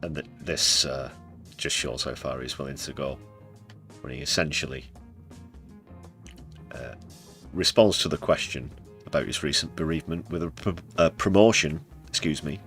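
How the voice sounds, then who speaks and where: Very deep-voiced sarcastic British man. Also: moderate pace, a bit bright, soft background music. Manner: dry and sarcastic, with mock emotion. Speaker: livestream news host. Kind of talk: casual live news commentary.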